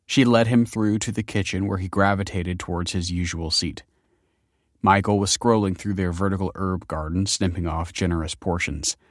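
A man narrating an audiobook chapter in a measured, even storytelling manner. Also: low voice, dry recording, clean studio sound. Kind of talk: scripted narration.

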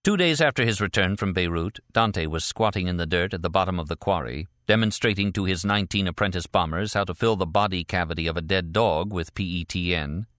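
Reading a thriller audiobook from a script, a deep-voiced man tells the story in a measured, even manner. The recording is dry and of studio quality.

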